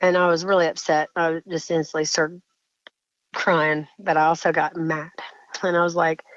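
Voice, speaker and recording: A woman caller telling a frightening encounter story in a shaken, halting way, often breaking off and restarting sentences. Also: low-pitched, level tone, no room sound, dull audio. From Indiana.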